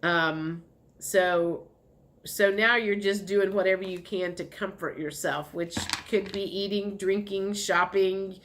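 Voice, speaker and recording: A woman's voice: mid-range voice, fairly even intonation, slow, a bit bright, slight background noise. A woman giving a casual spoken tarot reading, rambling and chatty with many fillers and light laughs. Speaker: tarot reader.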